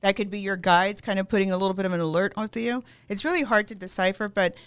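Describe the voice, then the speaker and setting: A middle-aged woman co-hosting a casual podcast as a psychic card reader, speaking in a gentle, reassuring, affirming way. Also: medium pitch, fast talker, smooth.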